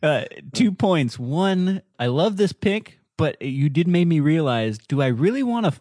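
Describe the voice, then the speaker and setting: A man's voice: a little high, sing-song, a little slow, darkish tone, no echo, clean studio sound. A man in his thirties co-hosting a casual chat, easygoing and agreeable with joking asides. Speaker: podcast co-host.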